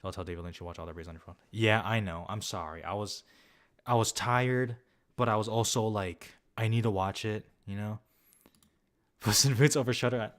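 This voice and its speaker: Rambling, loose-talking young man, lowish voice. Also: moderate pace. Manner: rambling and loose, heavy use of filler words, swears freely. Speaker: film vlogger. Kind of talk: casual talk reviewing films and answering viewers.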